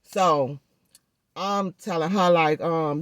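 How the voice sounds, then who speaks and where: A woman vlogger telling a story in a chatty, animated way, speaking through a swollen jaw and addressing viewers directly. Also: fairly low pitch, normal speed, no echo, studio quality. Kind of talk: casual storytelling vlog.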